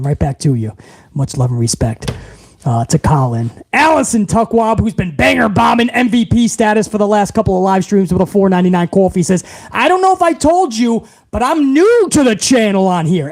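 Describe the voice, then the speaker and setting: Hyped, profane high-voiced man. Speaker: host. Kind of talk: wrestling livestream chat.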